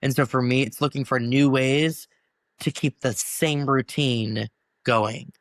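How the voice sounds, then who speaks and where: A young man, a first-year band teacher, talking in a relaxed interview at a middle pitch. He tells his stories with energy and acts out the people he quotes. The recording is close and dry, with no room sound. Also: a little slow, dry recording. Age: 20s. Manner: animated storyteller who acts out quoted voices. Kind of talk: casual interview conversation.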